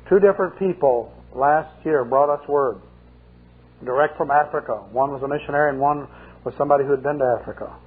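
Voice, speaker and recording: A man's voice: fairly high pitch, slightly rough. An older male pastor preaching a sermon with folksy, humorous storytelling. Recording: muffled 1980 sermon tape, phone-like.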